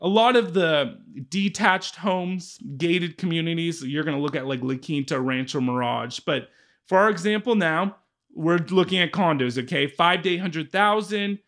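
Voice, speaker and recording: A man's voice: a little high, moderate pace, fairly bright tone. A man, a real estate agent giving a casual walkthrough of a home search, chatty and often checking in with the listener. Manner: chatty, keeps checking in with "okay?".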